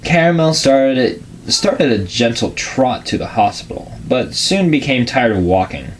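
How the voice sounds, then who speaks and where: A man giving a deadpan, casual reading of a crude comedic fan story, with offhand asides. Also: medium pitch, unhurried, a little hiss or hum.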